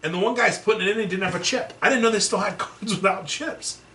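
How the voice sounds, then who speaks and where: A man's voice: sits high, quick pace, roomy sound, far from the mic. A man co-hosting a podcast, ranting with lots of swearing in casual chat. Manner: ranting, profane, animated. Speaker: podcast co-host.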